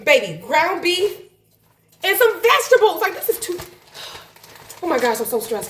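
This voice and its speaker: A woman vlogging casually while cooking, nervous and excitable, gasping and saying "oh gosh" often. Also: extremely high pitch, normal speed, long pauses. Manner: chatty, nervous and excitable, lots of gasps and "oh gosh". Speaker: health and life coach, vlogger. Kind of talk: casual home cooking vlog. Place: home kitchen. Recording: echoey kitchen with faint frying noise.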